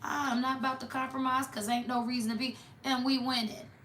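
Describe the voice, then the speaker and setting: A woman's voice: high voice, little pitch movement, a little fast, fairly bright tone, roomy sound, a little hiss or hum. A woman doing a casual tarot reading for viewers, talking in a blunt, mocking, sassy way. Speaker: tarot reader.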